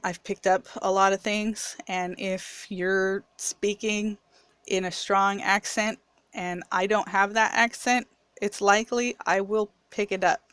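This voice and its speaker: A woman vlogger talks straight to the camera in a candid, chatty way, her accent a mix of several picked up over the years. Her voice sits at a middle pitch, and the sound is dry and close, with no room echo. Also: a bit bright, clear, resonant tone. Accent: mixed picked-up accent. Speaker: video reviewer. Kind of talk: casual personal vlog.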